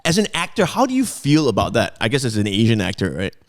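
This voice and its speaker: A young man hosts a podcast with an easygoing, chatty manner, full of "dude" and "like." His pitch moves around a lot as he talks. He laughs easily and keeps the talk loose. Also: huge pitch swings, fast, no echo, studio quality. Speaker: podcast host. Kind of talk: casual chat.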